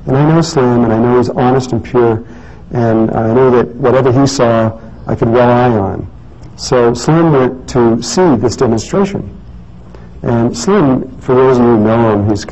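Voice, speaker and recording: A man with a warm, mellow voice tells a story in an easygoing, rambling way, full of restarts and fillers. The recording is dull and lo-fi, with a faint hiss behind him. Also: medium pitch, gravelly. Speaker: speaker giving a talk. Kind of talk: casual storytelling talk.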